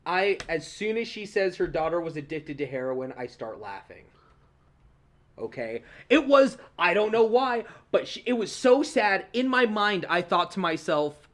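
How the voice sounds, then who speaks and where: High-voiced young man telling a story. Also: measured pace. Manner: animated, swears often, laughs while telling stories. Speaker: podcast host. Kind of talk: casual storytelling.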